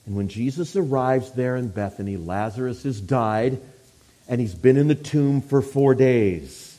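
A man preaching a sermon, swinging from hushed, quiet passages to loud, forceful declarations. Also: medium pitch, measured pace.

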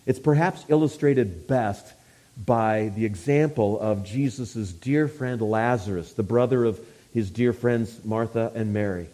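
A man preaching a sermon, swinging from hushed, quiet passages to loud, forceful declarations. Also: on the low side, unhurried.

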